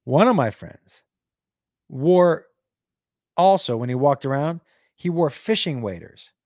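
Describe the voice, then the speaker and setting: Halting, fairly high-voiced man streaming. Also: expressive, darkish tone, no room sound, studio quality. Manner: halting, full of restarts and fillers. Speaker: livestream host. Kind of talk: casual storytelling to a live chat.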